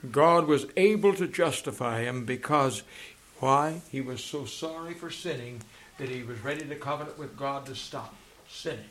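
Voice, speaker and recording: A man preaching a sermon as pastor, fervent, swinging from loud declarations to hushed asides, and reading passages aloud. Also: mid-range voice. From England. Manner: reads passages aloud from books.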